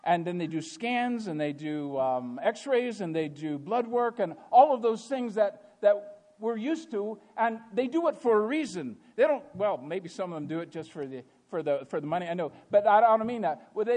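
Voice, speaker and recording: A preacher with a high voice delivers a sermon. He leans on rhetorical questions and moves from hushed storytelling to loud emphasis. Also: sing-song, normal speed, few pauses.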